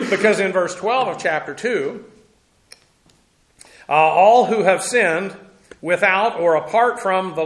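A man's voice: a little high, fairly bright tone. A man preaching a sermon, teaching scripture in a conversational way, with many fillers and restarts. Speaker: pastor. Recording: echoey room sound.

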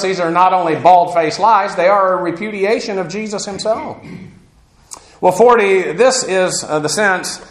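A man's voice: sits high, fairly bright tone. Folksy male Bible teacher in echoey room. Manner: folksy, digressive, chuckles at own asides.

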